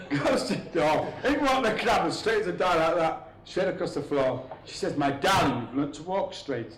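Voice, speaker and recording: A man telling rambling, crude jokes on stage, chuckling at his own punchlines. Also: fairly high pitch. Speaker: stand-up comedian. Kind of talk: stand-up joke telling. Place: comedy venue with a live audience. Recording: echoey room, crowd laughter.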